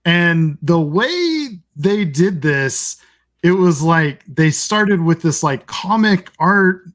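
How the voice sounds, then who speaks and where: Man, slightly higher voice, slow pace, casual gaming talk. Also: expressive, fairly bright tone. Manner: unhurried, searches for words. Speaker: podcast co-host.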